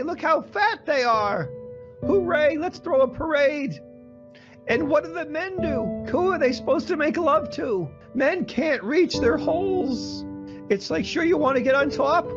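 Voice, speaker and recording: A man's voice: extremely high pitch, lo-fi sound, exaggerated voice. A man putting on the voice of a fretful, pompous middle-aged pundit who talks in an anguished, apologetic rant. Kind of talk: comedic impression.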